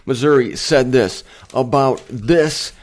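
Speaking slowly in a medium-pitched, slightly mellow voice, this Bible teaching show host delivers a casual monologue. He's chatty and digressive, making emphatic points and poking fun at himself.

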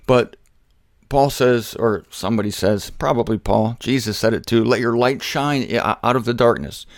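A male preacher with a mid-pitched voice gives a loose, jokey Bible teaching, often rising into loud emphatic bursts and then dropping to quiet asides. The recording is dry and close, with no room sound around him. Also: moderate pace, no echo. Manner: conversational, jokey, addresses listeners directly.

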